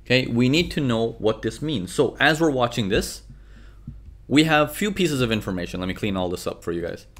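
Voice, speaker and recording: A man's voice: medium pitch, fairly quick. A man teaching trading over charts, talking animatedly, checking in often with "okay" and "right". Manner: animated, frequent "okay" and "right", acts out traders' thoughts. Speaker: trading instructor. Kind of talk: live chart lesson.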